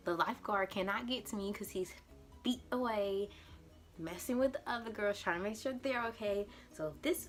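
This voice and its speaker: A young woman vlogger telling a dramatic storytime to her camera, animated and acting out her own panic. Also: mid-range voice, moderate pace, faint music behind. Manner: acts out her panicked past self in quotes. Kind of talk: storytime vlog.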